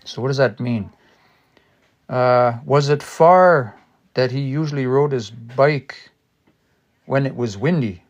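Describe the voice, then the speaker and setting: A man studying a language on a casual livestream, thinking aloud and sounding out new words slowly and repeatedly. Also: mid-range voice. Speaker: language teacher.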